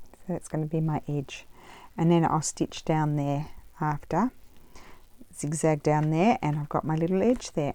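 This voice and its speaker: Her voice is low-pitched and warm as she makes paper crafts on a casual vlog. She rambles and chats, thinking aloud as she works and drifting off on tangents.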